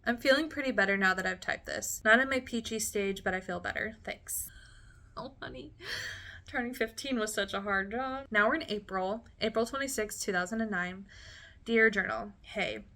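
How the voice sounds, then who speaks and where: Woman vlogger, late twenties, bright voice, reads her old diary with giggles and chatty asides. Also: medium pitch. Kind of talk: casual diary reading with commentary.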